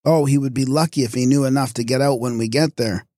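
A man's voice: mid-range voice, steady tone, quick pace, dark tone, no echo, clean studio sound, lightly acted. Man doing a scoffing chauffeur. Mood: scornful. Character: amused working chauffeur, scornful of his boss.

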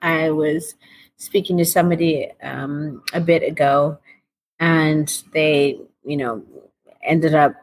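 Animated middle-aged woman, low-pitched. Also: slow, a little hiss or hum. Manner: animated, acts out dialogue with shifting voices. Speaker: guest, recovery author. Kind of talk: conversational interview.

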